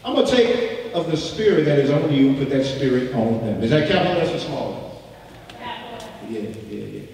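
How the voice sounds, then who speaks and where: A male pastor preaching a sermon, swinging from soft asides to shouts and repeating phrases for emphasis. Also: medium pitch, expressive, moderate pace, vocal fry. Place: church sanctuary. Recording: echoey church hall, distant mic.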